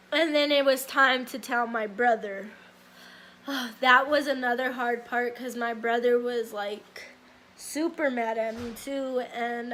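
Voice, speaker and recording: A woman's voice: fairly high pitch, a bit bright. A young woman vlogger telling a casual story time, rambling with many fillers. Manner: rambling, many likes and ums.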